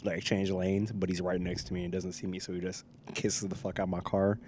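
Low, mellow-voiced young man telling stories. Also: brisk, a little hiss or hum. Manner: animated, profane, laughing storyteller. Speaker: podcast host. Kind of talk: casual storytelling chat.

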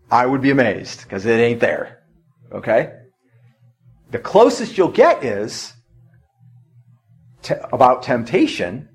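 A middle-aged male pastor delivering a sermon in a church. His voice is husky, set at an ordinary middle pitch. He talks in a relaxed, storytelling way and then grows emphatic. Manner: conversational storytelling preacher, rising to emphatic. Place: church sanctuary.

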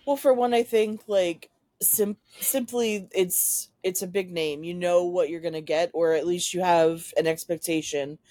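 A woman's voice: on the low side, steady tone, unhurried, dark tone, dry recording, studio quality. A woman co-hosting a podcast in casual chat, joking and laid-back, talking over her phone from home. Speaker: podcast co-host. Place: at home, separate from co-host. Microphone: phone over hotspot.

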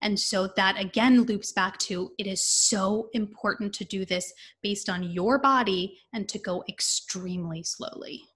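A woman speaking as a guest specialist in a podcast interview, explaining in a calm, measured way. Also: mid-range voice. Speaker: guest, high-risk pregnancy specialist.

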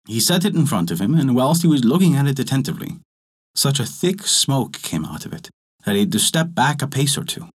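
A man narrating a folk tale with an expressive storytelling cadence. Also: mid-range voice, a little fast, slightly rough.

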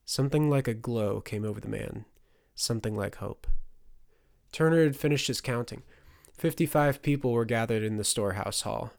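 A male narrator reading a fantasy audiobook at a measured, even pace. His voice is gravelly and mid-pitched, with a dry, close sound. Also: dry recording. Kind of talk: scripted narration.

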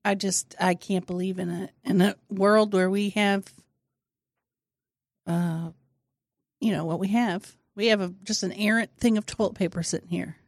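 A woman's voice: medium pitch, steady tone, normal speed, darkish tone, no echo, clean studio sound. A woman chatting casually and playfully, slipping into mock voices and comic bits. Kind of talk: casual comedic chat.

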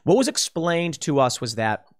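At a moderate pace and in a slightly high voice, a male political commentator argues his views with animation and emphasis. He voices quoted remarks loudly as asides and sometimes restarts his sentences.

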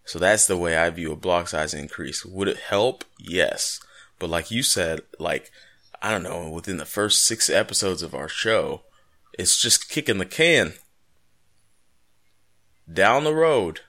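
Man, very low voice, playful rambling co-host, casual podcast chat. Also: lively intonation, a little slow, pushed and bright. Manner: jokey, rambling, playful asides.

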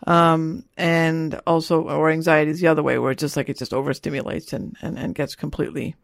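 A woman's voice: sits low, little pitch movement, fairly quick, vocal fry, no echo, clean studio sound. A middle-aged woman, an author and parent, talking casually in an interview with a rambling manner that keeps checking in with "you know" and "right?".

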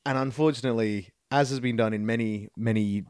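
A man co-hosting a casual podcast, animated, laughing often and restarting his sentences. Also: medium pitch, brisk, clear, resonant tone, dry recording, clean studio sound. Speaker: podcast co-host. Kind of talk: casual chat.

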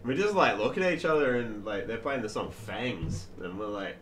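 A man's voice: lowish voice, very animated, normal speed, a bit bright, a little hiss or hum. A man telling stories in casual chat as a band member, laid-back, peppering his talk with "like" and swearing. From Australia. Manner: laid-back, swears often, fills with "like" and "yeah".

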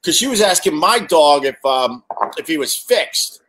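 A man's voice: on the high side, lively intonation, a little slow, fairly bright tone. A man hosting a casual livestream, chatting to viewers and reading their comments, joking crudely and swearing often.

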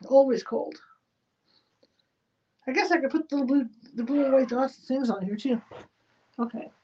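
A high-pitched, slightly rough female voice moves at a measured pace as she hosts a live stream from a spare bedroom. She mutters to herself, describing each crafting step, over dull lo-fi sound with faint noise.

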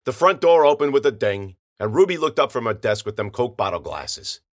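A man narrating a hard-boiled first-person story in gritty, slangy speech with rough grammar. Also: medium pitch, very animated, brisk.

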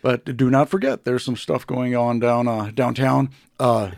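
A man's voice: medium pitch, flat delivery, unhurried, a little mellow, no echo. A man co-hosting a casual podcast from his own small studio, talking in a laid-back, rambling way with lots of fillers. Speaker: podcast co-host. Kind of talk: casual chat.

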